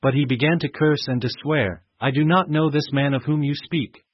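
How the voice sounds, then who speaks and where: A man giving a steady, measured reading of scripture. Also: a little high, dry recording. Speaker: scripture reader. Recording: muffled dry recording.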